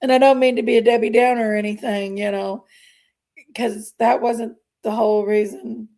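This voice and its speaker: A middle-aged woman, chatting on her livestream in a halting, emotional way, sighing between phrases. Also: on the high side, fairly even intonation, warm tone. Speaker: livestream host. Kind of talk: casual livestream chat.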